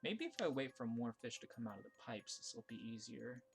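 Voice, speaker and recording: Over faint background music, a man talks briskly while playing viewer-created game levels live. His commentary is casual and thought-aloud, full of restarts and fillers, with excited yelps at surprises.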